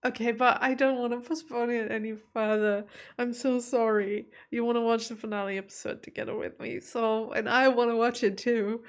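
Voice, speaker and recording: Brief: young woman reaction host, chatty and emotional, somewhat high voice. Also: moderate pace. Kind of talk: casual reaction commentary.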